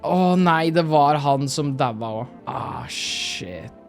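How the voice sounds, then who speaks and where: A man's voice: on the high side, expressive, slow, faint music behind. A man with a Norwegian accent giving casual, chatty let's-play commentary, reacting aloud and swearing often. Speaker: gaming streamer.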